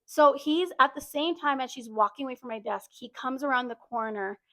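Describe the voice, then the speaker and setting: A young woman telling a workplace story in casual, animated chat, full of fillers like "like". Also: sits high, fairly quick, no echo. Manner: animated, chatty, lots of "like". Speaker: podcast co-host.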